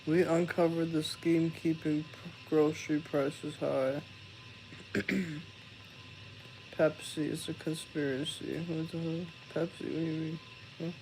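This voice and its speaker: A man's voice: on the high side, little pitch movement, a little slow, pauses often, over music, poor audio. A young man live-streaming, chatting casually, swearing and laughing as he rambles.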